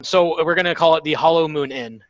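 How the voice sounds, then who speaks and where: A man's voice: fairly high pitch, a little fast, no room sound. A man narrating a tabletop game as game master in a chatty, loose way. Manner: chatty, lots of ums and laughs. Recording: dull lo-fi sound.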